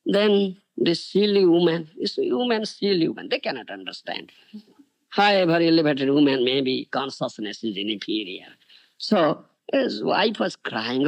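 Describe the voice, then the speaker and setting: A high-pitched man preaches in a temple, his voice swinging widely with a gravelly edge. He tells a story to devotees in non-native English and keeps asking whether they follow. The sound is dry and close. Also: unhurried, no room sound. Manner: animated, often asks "Do you understand?". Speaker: spiritual teacher. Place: temple on a farm.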